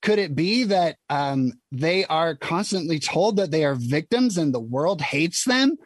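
A man's voice: a little high, animated, unhurried, breathy edge, dry recording. A man from Utah giving an emphatic, indignant opinion monologue, full of ums and you-knows. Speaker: political commentator.

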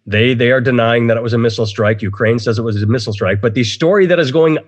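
A man's voice: mid-range voice, quick pace. A man hosting a casual podcast, rambling opinionatedly and swearing freely. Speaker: podcast host. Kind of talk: casual chat.

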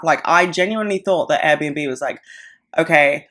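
A young woman in her twenties with a low-pitched voice tells a story on her podcast. She talks casually, swears freely and acts out what everyone said. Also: normal speed, fairly bright tone. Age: 20s. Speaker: podcast host.

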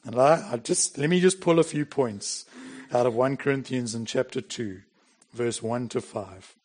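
A man's voice: mid-range voice, normal speed, darkish tone. A middle-aged man preaching a sermon in a plain, conversational way, with bursts of emphasis. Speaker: pastor.

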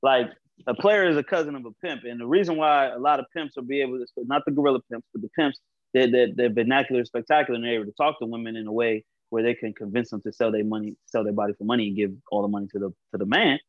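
A man co-hosting a casual podcast chat, telling stories in an animated way, acting out quotes and swearing freely. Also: medium pitch, quick pace, no room sound, lo-fi sound. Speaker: podcast co-host.

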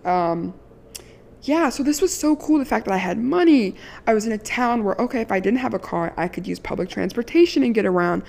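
A woman's voice: on the high side, lively intonation, a little fast, vocal fry, darkish tone. A woman in her early twenties from Maryland, telling a candid, sassy storytime with casual profanity and a lot of "like". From Maryland, USA. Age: 20s.

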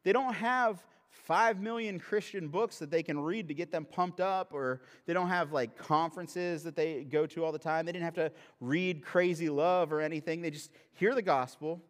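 Guy pastor giving a sermon, jokey and casual then earnest, voice a bit high, big hall reverb behind him. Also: normal speed, hardly any pauses. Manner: humorous, conversational, then earnest. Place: church sanctuary. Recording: long reverb of a large hall.

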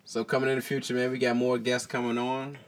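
A man's voice: medium pitch, completely flat delivery, quick pace. A man hosting a podcast, wrapping up a casual, profane chat with friends and laughing often. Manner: laughing, loose, profane banter. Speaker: podcast host.

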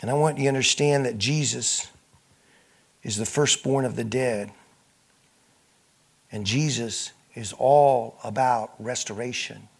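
A male pastor preaching a sermon, moving between loud, emphatic passages and quiet, hushed ones, and voicing the people in the scripture he reads. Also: mid-range voice, unhurried, gravelly, long pauses, slightly rough. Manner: acts out speakers in the scripture he reads.

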